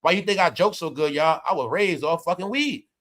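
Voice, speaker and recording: Man, livestream host, rambling profane commentary, bright forceful tone. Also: a little high, expressive, a little fast. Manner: loud, rambling, profane, keeps saying "y'all". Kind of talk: profane stream-of-talk commentary.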